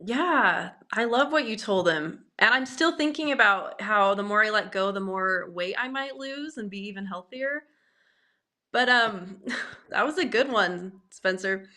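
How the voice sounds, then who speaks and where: A woman guest in a conversation, speaking in a relaxed, lightly amused way. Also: mid-range voice, unhurried. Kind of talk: conversational podcast discussion.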